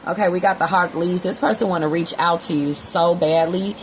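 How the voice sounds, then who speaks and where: A woman's voice: on the low side, steady tone, brisk, slight background noise, low-quality recording. A woman giving a casual tarot reading, talking bluntly with slang and swearing. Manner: blunt, slangy, swears freely, acts out both sides in quotes. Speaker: tarot reader.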